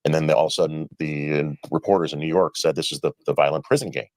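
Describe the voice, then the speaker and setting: A man's voice: extremely low pitch, fairly even intonation, no room sound. A man recounting his experiences in an interview, acting out dialogue as he goes. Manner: rapid storytelling with quoted dialogue. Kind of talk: storytelling in a played interview.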